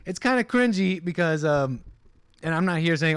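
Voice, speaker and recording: A man's voice: on the high side, big pitch swings, a little fast, clean tone, no room sound. A man hosting a casual livestream, rambling with many fillers and restarts and mocking voices for the people he quotes. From United States. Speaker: livestream host.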